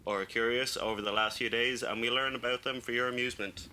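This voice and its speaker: A man's voice: mid-range voice, steady tone, fast, sharp tone, a little hiss or hum. Joking man hosting a podcast. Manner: joking, playful, leads the intro. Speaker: podcast co-host. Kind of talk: casual comedic chat.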